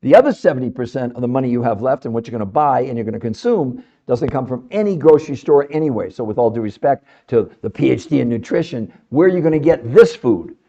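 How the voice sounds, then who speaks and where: A man hosting a podcast, delivering an animated, emphatic health talk full of rhetorical questions to his audience. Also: mid-range voice, quick pace, few pauses, lo-fi sound. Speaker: podcast host.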